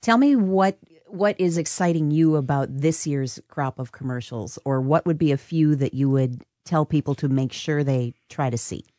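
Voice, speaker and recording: A woman's voice: low-pitched, normal speed, hardly any pauses, warm tone, no echo. Engaged woman interviewer, dry close sound. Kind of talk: interview questions.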